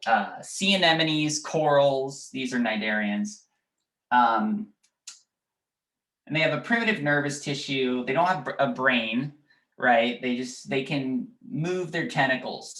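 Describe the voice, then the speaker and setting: A man's voice: medium pitch, bright, forceful tone. A man teaching a biology class, explaining step by step with frequent fillers and checking questions to his students. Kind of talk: classroom lecture. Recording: echoey classroom.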